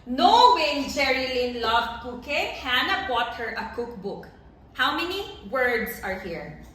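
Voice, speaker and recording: High-voiced teacher in an echoey classroom. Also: female voice, expressive, unhurried, fairly bright tone. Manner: checks understanding with repeated questions, switches into Russian and Tajik to explain. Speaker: English teacher. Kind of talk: classroom grammar lesson.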